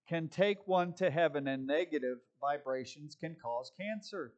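A man's voice: on the high side, moderate pace, few pauses. A man preaching a sermon, emphatic and sarcastic in his asides. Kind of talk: sermon teaching.

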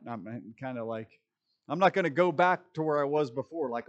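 A man's voice: fairly high pitch, animated, muffled recording. A man leading an informal Bible study, thinking aloud as he looks up verses and closing with a short prayer. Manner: halting, thinks aloud while leafing for verses.

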